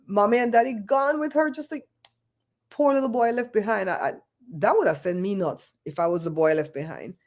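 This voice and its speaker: A woman talks through a casual livestream in a chatty, expressive way. She moves from story to story, and she has a voice of ordinary pitch for a woman. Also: a little fast. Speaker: livestream host.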